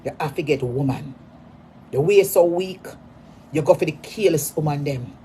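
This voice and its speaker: A Jamaican woman delivering a mocking, repetitive rant at a rival, hurling insults in sudden loud bursts. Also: low voice, moderate pace, slight background noise. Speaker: social media personality.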